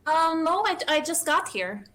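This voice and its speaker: A woman's voice: very high-pitched, very animated, unhurried, a bit bright. Giggly, hesitant woman player. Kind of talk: playing a tabletop game.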